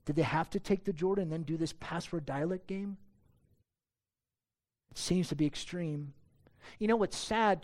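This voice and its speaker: A man preaching a sermon with earnest emphasis, pressing his church with rhetorical questions. His voice sits somewhat high for a man. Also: darkish tone. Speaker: pastor.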